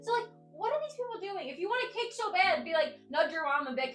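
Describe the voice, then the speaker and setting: A woman's voice: high voice, animated, fast talker, few pauses, a bit bright. A woman hosting a casual chat, reading Reddit stories aloud in a rambling, filler-heavy way, sitting in a spinny chair. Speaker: host. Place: indoors at home in a spinny chair. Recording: echoey room, faint background music.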